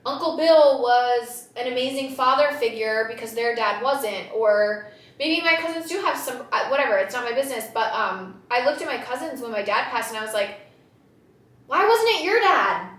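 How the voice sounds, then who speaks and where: A woman hosting a podcast, talking casually in a loud, animated way and laughing often. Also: on the high side, normal speed, distant mic. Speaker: podcast host. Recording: roomy echo.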